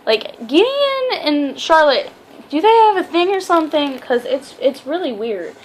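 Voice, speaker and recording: A woman's voice: high-pitched, sing-song, a little slow. A young woman reviewing a book in a casual vlog, chatty and rambling, often stumbling over her words. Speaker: book vlogger.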